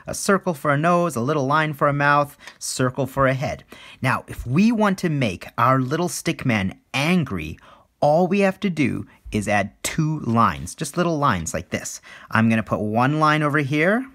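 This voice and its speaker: Playful man teaching kids to draw. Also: medium pitch. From Canada. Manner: animated, with gasps and sound effects. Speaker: children's drawing coach. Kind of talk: playful kids' drawing lesson. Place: indoors at an art desk.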